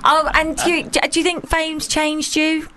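A woman's voice: high-pitched, monotone, unhurried, pushed and bright. A woman hosting a casual radio chat, playful and gushing. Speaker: radio host.

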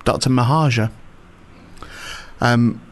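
A man talks in a loose, casual chat. He needles and teases the people he talks to, pressing the same questions again and again with a prankster's grin in his voice. His pitch sits in a middle range. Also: steady tone, slow. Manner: teasing, pushy prankster.

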